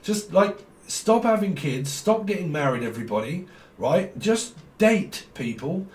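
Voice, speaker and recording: A man's voice: high voice, big pitch swings, a little slow, a little mellow. A man, a tarot reader talking casually to viewers in a blunt, rambling, teasing way, swearing freely and laughing often. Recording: echoey room with faint ambient noise.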